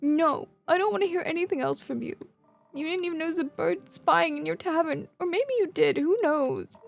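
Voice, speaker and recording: A woman's voice: high voice, steady tone, fairly quick, creaky, warm tone, voice pushed up. Woman voicing bitter young man, accusing, raised voice, game read-along. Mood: angry.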